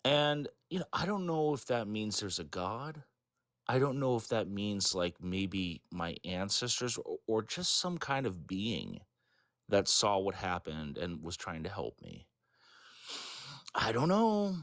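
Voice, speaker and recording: Low-voiced man telling a rambling story. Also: sing-song, fairly bright tone, dry recording, clean studio sound. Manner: rambling, halting, full of fillers and self-corrections. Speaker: interviewee. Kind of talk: casual storytelling.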